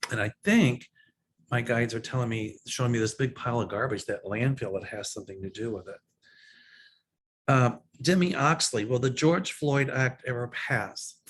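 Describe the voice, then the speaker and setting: A man's voice: mid-range voice, a little hiss or hum. A man answering viewer questions as a psychic host in a casual, opinionated way, with frequent ums and restarts. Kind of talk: casual livestream Q&A.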